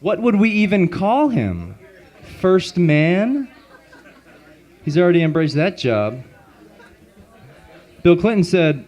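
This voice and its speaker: A man with a slightly high voice performs a stand-up set on a comedy club stage. He delivers deadpan setups and quick punchlines through a handheld mic and sometimes laughs at his own jokes. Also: a faint crowd.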